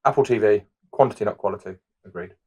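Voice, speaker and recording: A man co-hosting a podcast in casual chat, opinionated and prone to quick rants. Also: fairly low pitch, a little mellow, slightly rough. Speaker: podcast co-host.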